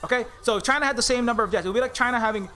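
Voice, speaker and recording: Male streamer, high and tense delivery, angry cursing rant full of stammered restarts. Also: very fast, bright, forceful tone. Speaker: indie game developer streaming live. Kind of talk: heated political rant on a livestream.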